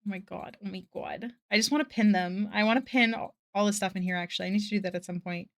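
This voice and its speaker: A woman's voice: mid-range voice, fast, dry recording, clean studio sound. A young woman chatting casually on a live art stream, bubbly and self-deprecating, gushing over fan art. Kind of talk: casual live-stream chat while drawing.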